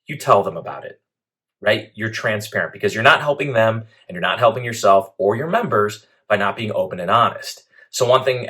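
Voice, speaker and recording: A man teaching a leadership training lesson, methodical and clear, laying out his points one after another. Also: fairly low pitch, sharp tone. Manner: clear, methodical, speaks in lists.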